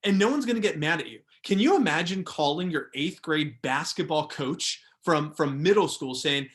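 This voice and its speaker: A young man runs a motivational training workshop for salespeople. His voice sits a little higher than most men's, and he drives each point home by repeating it. The delivery is energetic and coaching in tone. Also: normal speed. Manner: emphatic, repeats key phrases.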